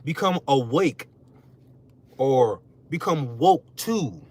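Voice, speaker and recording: Speaking slowly in a mid-range voice with a breathy edge, this young content creator rants on a podcast. It's loose, slang-heavy talk, animated and emphatic, with mocking impressions of what other people say.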